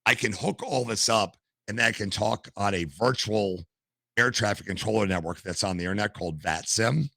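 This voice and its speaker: Older male guest, low gravelly voice with a bright edge, animated storyteller. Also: moderate pace, no echo. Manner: animated storyteller, acts out quotes. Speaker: podcast guest, gamer and streamer. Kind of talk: casual storytelling interview.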